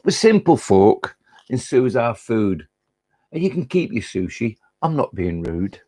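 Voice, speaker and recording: A man voicing a cheeky, boastful male butterfly in a put-on Lancashire accent, reciting a comic poem in character with broad dialect and a creaky, husky voice. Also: medium pitch, big pitch swings, measured pace, warm tone, no room sound. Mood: cheeky proud. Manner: chatty and boastful, broad northern dialect words.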